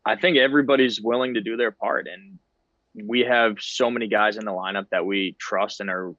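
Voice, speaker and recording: A man's voice: fairly low pitch, steady tone, brisk, a bit bright, no echo, dull audio. A man in his thirties, a guest on a podcast, talking in an easygoing, self-deprecating way. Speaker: guest ballplayer. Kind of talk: casual interview chat.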